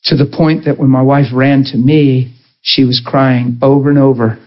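A man preaching a sermon, telling a personal story with passion and a voice that swings high and low. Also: fairly even intonation, normal speed, muffled recording.

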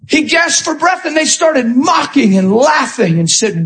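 A man preaching a sermon with fervour, often shouting and calling out to his congregation. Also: very high-pitched, lively intonation, a little fast, hardly any pauses, poor audio. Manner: calls out to the congregation.

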